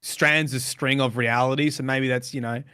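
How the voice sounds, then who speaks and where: A man co-hosting a casual podcast, thinking out loud with many fillers and restarts. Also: medium pitch, steady tone, normal speed, clear, resonant tone, dry recording, studio quality. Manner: speculative, hedging with fillers. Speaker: podcast co-host. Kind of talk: casual chat.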